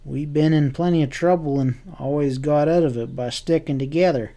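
Narrator voices a hard-bitten cowhand, slow and groping, a little higher than the narration. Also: male voice, mellow, lightly acted. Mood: grave. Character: troubled tough cowhand man, loyal and bewildered.

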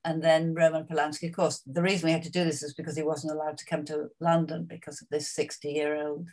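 An older woman with a notably low, deep voice, telling stories from her career at an easy conversational clip. She wanders into asides and fillers, chatty and unhurried. Her tone is frank and anecdotal. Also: little pitch movement, a little mellow. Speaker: actress interviewee. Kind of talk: reflective career interview.

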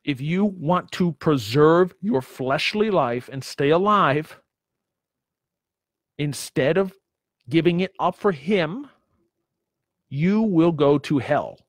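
Guy preaching a sermon, kinda high voice, dry close sound, keeps hammering the point w questions. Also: expressive, takes it slowly, long pauses, dry recording. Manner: emphatic, repeats himself, asks the listeners rhetorical questions.

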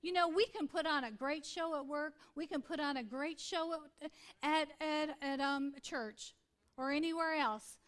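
A woman's voice: sits high, normal speed, a bit bright. A woman pastor in her forties preaching a sermon in an earnest, conversational way, repeating points for emphasis.

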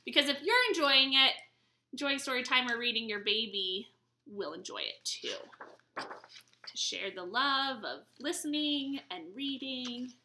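An American woman librarian in her young adult years reading a story at baby storytime, sing-song and animated. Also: high voice, slight background noise. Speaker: children's librarian. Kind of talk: baby storytime read-aloud.

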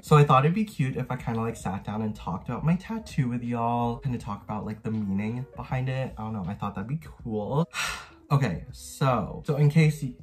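A young man in his twenties chatting casually for his vlog, bubbly and gushing, with lots of filler words. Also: medium pitch. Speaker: YouTuber.

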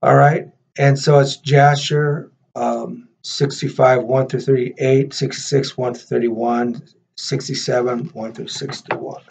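Slow gravelly-voiced man preaching. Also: mid-range voice, level tone, a little hiss or hum. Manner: halting, repeats words, many uh fillers; reads scripture slower and louder. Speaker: minister and host. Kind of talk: sermon with scripture reading. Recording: dull lo-fi recording.

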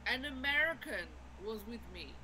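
Insistent woman gamer over loud chatter. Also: sits high, expressive, moderate pace, low-quality recording. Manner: insistent, explaining her case. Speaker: player in an online game. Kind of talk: casual gaming chat.

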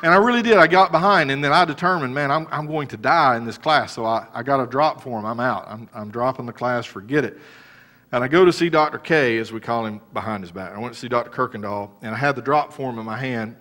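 A middle-aged man preaching from the pulpit in an animated storytelling manner. His voice sits at an ordinary male pitch and swings from hushed, low moments to sudden loud rises. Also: quick pace. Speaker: pastor. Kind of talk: sermon.

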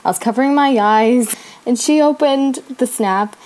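A woman's voice: a little high, normal speed, a little mellow. A teenage girl casually telling a personal story, chatty and acting out the lines of the people in it. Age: teens. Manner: chatty, acts out her own and her friend's lines.

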